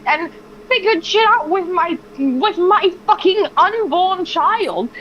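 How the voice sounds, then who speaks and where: A woman's voice: very high-pitched, expressive, takes it slowly, a little hiss or hum, full character voice. Woman playing a frantic, cursing young sorceress. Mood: exasperated. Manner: frantic, swearing, stumbling over words. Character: expectant young female sorceress, hot-tempered. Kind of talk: tabletop role-play. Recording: slightly dull lo-fi audio.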